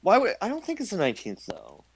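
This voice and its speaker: A man co-hosting a livestream read-along, excitable, quick to laugh and easily sidetracked. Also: high voice, slightly rough, no echo, poor audio. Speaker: livestream co-host reading aloud. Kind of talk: casual chat and read-aloud.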